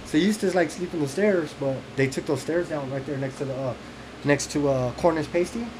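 Slangy, relaxed man in casual chat. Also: fairly high pitch, a little fast, noisy background. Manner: relaxed, profane, loose street slang.

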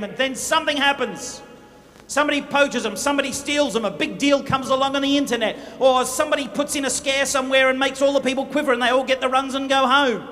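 A man giving a motivational speech at a business event, animated, humorous and dramatic in his storytelling. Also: very high voice, fast. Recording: echoey hall with faint noise.

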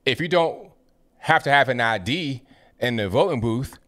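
A man's voice: medium pitch, animated, moderate pace, a bit bright. A man hosting a call-in talk show, casual and conversational, with some stammered restarts.

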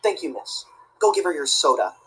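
A woman's voice: low voice, big pitch swings, brisk, husky, heavily acted, rough recording. A woman acting a prissy, rule-obsessed teacher's pet student in a comedy sketch, tattling and preaching about the rules. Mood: tattling, indignant. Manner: tattling, self-righteous and preachy.

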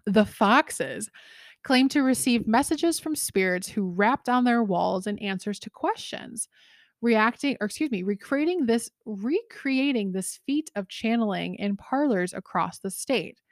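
A young adult woman co-hosting a podcast in casual chat, lively, laughing easily and often correcting herself mid-sentence. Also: on the high side, a little slow, dry recording, clean studio sound. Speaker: podcast co-host.

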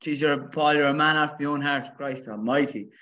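A man's voice: on the high side, brisk, bright, forceful tone, highs cut off. A man hosting a podcast, enthusiastic and casual, swearing lightly as he praises his guest. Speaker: podcast host.

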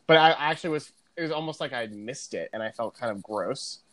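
Man, podcast co-host, casual rambling chat, mid pitch. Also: lively intonation, brisk, a bit bright, dry recording. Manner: rambling, hesitant, restarts.

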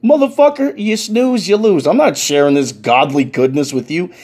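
A man playing a tipsy, earnest guy who gushes and rambles. His voice is a little higher than the narrator's and husky. The talk spills out fast in places. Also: animated, darkish tone, heavily acted. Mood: cocky. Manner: gushing, eager, slightly drunk rambling.

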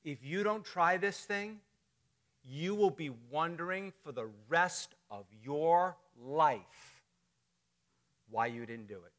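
High, bright-voiced storytelling pastor. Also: male voice, lively intonation, slow pace. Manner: storytelling, conversational, jokes with the congregation. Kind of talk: sermon. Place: church sanctuary.

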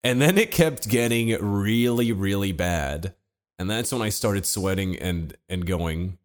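Deep-voiced man telling a casual story. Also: unhurried. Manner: laid-back, swears freely, acts out what people said. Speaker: podcast co-host telling a story.

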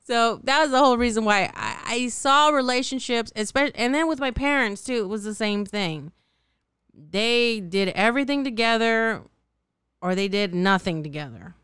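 Brief: woman in her thirties, solo podcast host, very smooth clear voice, dry close mic, blunt and cussing, sore throat. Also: fairly high pitch, expressive, moderate pace, a bit bright, no room sound. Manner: blunt, profane, laughs often, self-mocking. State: slightly sore, scratchy throat. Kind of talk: candid solo podcast monologue.

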